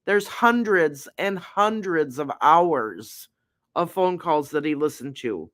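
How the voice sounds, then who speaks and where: A woman's voice: deep voice, animated, takes it slowly. A woman hosting a live-stream recap of a trial, chatting unhurriedly with her viewers. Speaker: true crime livestream host.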